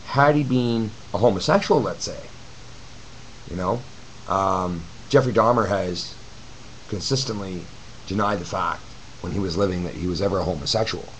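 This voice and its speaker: A man's voice: sits low, normal speed, long pauses, fairly bright tone, slight background noise, poor audio. Profane rambling man on camcorder. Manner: profane, blunt and rambling, addresses viewers as guys. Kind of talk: ranting webcam video reply. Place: his apartment. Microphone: camcorder mic.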